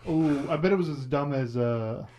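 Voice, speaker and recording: A man's voice: mid-range voice, moderate pace, mellow. A man chatting on a podcast, teasing the others sarcastically. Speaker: podcast co-host. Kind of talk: casual podcast chat.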